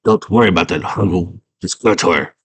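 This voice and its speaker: A man's voice: sits low, fast talker, a bit bright, husky, full character voice. A man doing a cruel, mocking goblin king. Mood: scheming. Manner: taunting, scornful.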